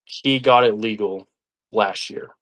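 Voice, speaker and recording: A young man, telling stories as a podcast guest in an animated way, sometimes acting out the voices of others. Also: lowish voice, measured pace. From Arkansas, United States. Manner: animated, acts out quoted voices. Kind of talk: casual storytelling.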